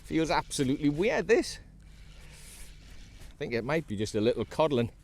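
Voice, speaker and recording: A man's voice: fairly high pitch, fast, vocal fry. A man giving chatty running commentary while fishing from a kayak at sea, talking to the fish he catches. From North East England. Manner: chatty, excitable, talks to the fish. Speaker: fishing vlogger.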